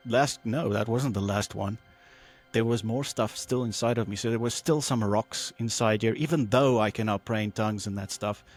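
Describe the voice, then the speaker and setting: A man guest on a podcast telling a personal testimony in an animated way, acting out the voices he quotes, with many fillers and restarts. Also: fairly low pitch.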